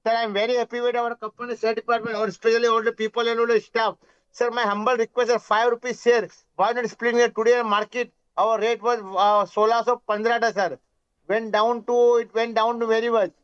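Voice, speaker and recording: A man's voice: extremely high pitch, level tone, quick pace, fairly bright tone, clear, resonant tone. An Indian man speaking as a shareholder over a video call, deferential, calling everyone "sir" and slipping into Hindi. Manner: deferential, says "sir" constantly, mixes in Hindi. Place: Mumbai. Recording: dull lo-fi call audio.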